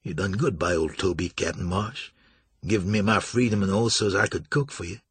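A man voicing an older ship's cook who speaks quietly in a drawling dialect. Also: low voice, normal speed, husky, no room sound, full character voice. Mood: soft-spoken. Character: older male ship's cook, soft-spoken and wary.

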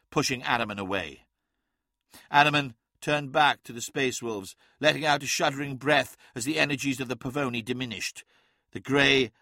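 A man reading dramatic fiction aloud as an audiobook narrator, in measured, vivid storytelling. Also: medium pitch, sharp tone, no room sound, clean studio sound.

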